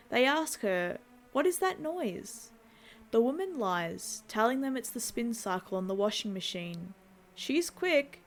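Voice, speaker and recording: Woman, horror channel host, scripted film recap narration, wry asides, medium pitch. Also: a little hiss or hum. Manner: wry asides between plain plot retelling.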